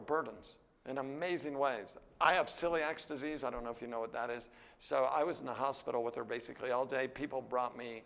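A man's voice: vocal fry, big-room sound. American man lecturing on scripture, candid. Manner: candid, conversational, with frequent "right?" and "you know"; lively, jumps higher when animated. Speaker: seminary teacher. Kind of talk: classroom Bible lecture.

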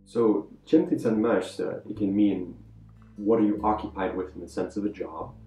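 Man, mellow tone, co-host explaining grammar, echoey room, faint guitar music. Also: on the low side, steady tone, moderate pace. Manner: adds grammar explanations, compares with English. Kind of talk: video language lesson.

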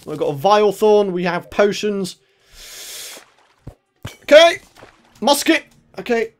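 A young man commentating his own gameplay, excitable, laughing often and shouting when in trouble. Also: high voice, moderate pace. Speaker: gaming channel host. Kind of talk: let's play commentary.

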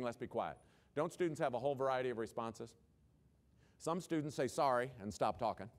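A man giving a humorous, animated conference keynote and asking the audience questions. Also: medium pitch. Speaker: keynote speaker.

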